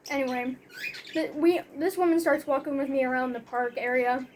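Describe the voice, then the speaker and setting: Chatty high-voiced young woman telling a story. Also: normal speed, a little hiss or hum. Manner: chatty and rambling, full of "like" and "you know". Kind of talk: casual storytelling.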